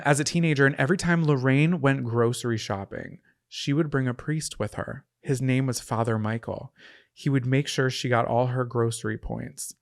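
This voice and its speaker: A woman co-hosting a podcast, reading listener stories aloud in a casual, playful way with jokey asides. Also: a bass voice. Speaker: podcast co-host.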